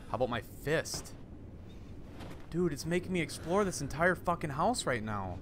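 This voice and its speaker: A young man streaming a horror game, talking to his chat in an excitable, jumpy way with lots of swearing. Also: medium pitch, moderate pace, long pauses, background noise. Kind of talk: live gameplay commentary. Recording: voice over game music. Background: game music.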